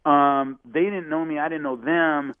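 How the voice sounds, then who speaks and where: A man's voice: measured pace, clean tone, dry recording. A man telling a story as a podcast guest, acting out quotes in a raised voice. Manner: animated, acts out quotes with raised pitch. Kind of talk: casual storytelling. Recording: phone-like narrow band.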